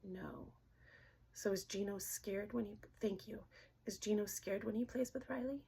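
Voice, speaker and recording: A middle-aged woman gently asking questions aloud in a casual session, hesitant and often dropping to a whisper. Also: medium pitch, vocal fry, a little hiss or hum. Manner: soft-spoken, halting, often drops to a whisper. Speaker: dowsing-rod reader.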